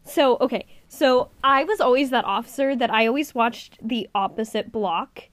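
A woman with a fairly high voice swaps stories about her prison work with her co-host. She is chatty and laughs easily, recorded close with a dry, roomless sound. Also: normal speed, no room sound. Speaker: podcast co-host, former prison officer. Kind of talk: casual storytelling chat.

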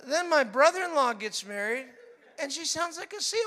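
Middle-aged man preaching, high-pitched and lively, acts out stories with funny impressions. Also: moderate pace. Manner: animated storytelling, mimics laughter. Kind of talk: sermon.

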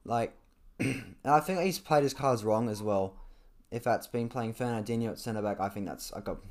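A young man chatting casually about football, rambling with lots of fillers and restarts, his throat dry and often cleared. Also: mid-range voice, normal speed, darkish tone. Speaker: football podcast co-host. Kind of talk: casual chat.

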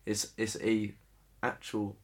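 A man's voice: fairly low pitch, monotone, takes it slowly. A young man from England co-hosting a casual podcast, laid-back and self-mocking, laughing often as he talks sport and music. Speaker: podcast co-host, sports correspondent. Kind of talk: casual chat.

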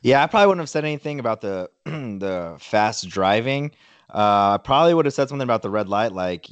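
A young man co-hosting a casual sports podcast, laid-back and hedging, often trailing off quietly. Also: mid-range voice, animated, fairly quick, no echo, lo-fi sound. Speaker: podcast co-host.

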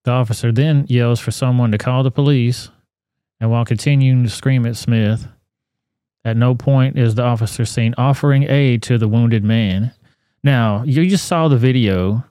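Guy going off about a news clip, swears a lot, mellow smooth voice, dry close mic. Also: mid-range voice, normal speed, dry recording. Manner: blunt, profane, animated ranting. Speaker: podcast host. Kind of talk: casual news commentary.

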